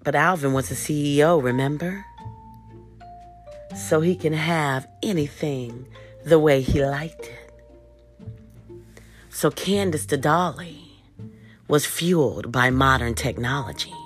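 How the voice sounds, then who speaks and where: A woman's voice: low-pitched, slow pace, long pauses, soft background music. A woman narrating a first-person erotic story in a sultry, teasing manner.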